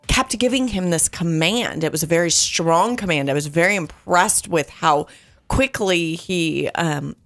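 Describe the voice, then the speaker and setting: A middle-aged woman telling a funny story in casual chat, animated and laughing often. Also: lowish voice, measured pace, soft background music.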